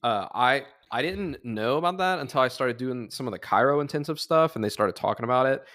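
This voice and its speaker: A man's voice: mid-range voice, lively intonation, a little fast, a bit bright. A young man co-hosting a podcast, chatting casually and acting out phone calls with his clients as he tells stories. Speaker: podcast co-host.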